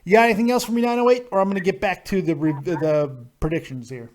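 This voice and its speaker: A man's voice: high-pitched, quick pace, darkish tone. A man hosting a call-in wrestling show, ranting crudely and sarcastically about the matches. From Nevada, USA. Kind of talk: profane call-in wrestling commentary.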